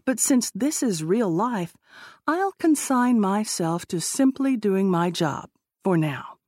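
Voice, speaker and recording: A woman voicing an eccentric, excitable young male intern who rambles conspiratorially in an audiobook. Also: mid-range voice, slow pace, dry recording, studio quality.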